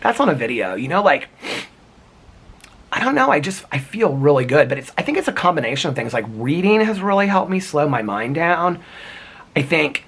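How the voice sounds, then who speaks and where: A man's voice: a little high, big pitch swings, normal speed, a bit bright, breathy edge. A man vlogging outdoors in the cold, talking to camera in an earnest, rambling way with lots of "like" and restarts. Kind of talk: casual reflective talk to camera.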